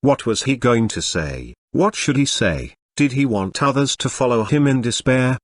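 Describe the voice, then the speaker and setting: A text-to-speech male voice narrating a web novel audiobook in an even, synthetic reading. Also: medium pitch, normal speed, hardly any pauses, no echo, studio quality.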